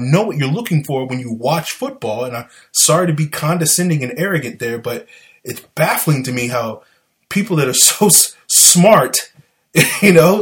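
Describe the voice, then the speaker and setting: A man with a Southern US accent, hosting a casual sports talk show and breaking down football plays in an animated, exasperated, argumentative way. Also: a little high.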